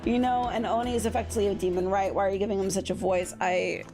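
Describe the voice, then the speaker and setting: A woman's voice: medium pitch, steady tone, fast, music in the background. A young woman streamer reading a dating-sim game aloud with playful, irreverent commentary. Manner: playful, irreverent, laughs at herself. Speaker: VTuber streamer.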